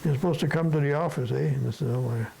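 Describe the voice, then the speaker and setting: Gravelly old man telling stories. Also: fairly high pitch, fast, dark tone, slight background noise, low-quality recording. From Sudetenland. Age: older. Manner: rambling, peppered with tag questions. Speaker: interviewee. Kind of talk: storytelling reminiscence.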